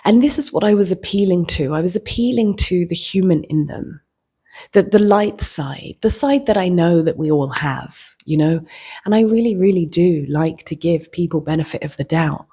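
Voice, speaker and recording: A woman vlogger telling a personal story in a reflective, casual way, slipping into soft whispers. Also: on the low side, normal speed, slightly rough.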